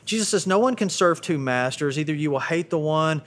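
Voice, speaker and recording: A man's voice: fairly high pitch, animated, a little fast, fairly bright tone. A middle-aged man preaching a sermon in a conversational way, often repeating words as he restarts. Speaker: pastor.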